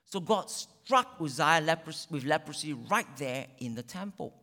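A male pastor preaching a sermon, dramatic, with sudden loud peaks and drawn-out phrases. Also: fairly high pitch, expressive. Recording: long reverb of a large hall.

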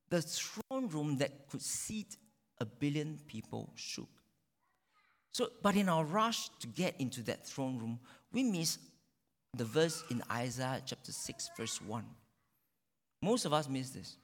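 A male pastor preaching a sermon, dramatic, with sudden loud peaks and drawn-out phrases. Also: a little high. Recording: long reverb of a large hall.

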